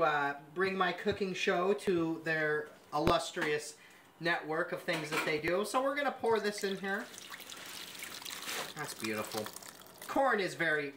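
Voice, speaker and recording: A man hosting a mock cooking show, gushing pompously over every dish as he works in a home kitchen. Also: high-pitched. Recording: noisy kitchen sound.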